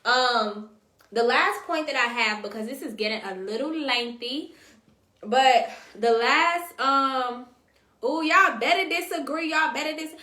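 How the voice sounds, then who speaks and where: A high, bright-voiced woman hosts a casual stream, reading viewer comments aloud and chatting back with them. Her talk is slangy and direct, and the sound comes from an echoey room. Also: measured pace. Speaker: host.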